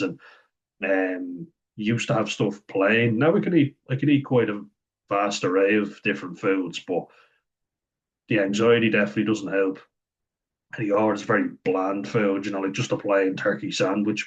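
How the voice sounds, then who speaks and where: A man's voice: low-pitched, lo-fi sound. A man giving a chatty, meandering spoken review of a TV series, retelling scenes as he goes. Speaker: show reviewer.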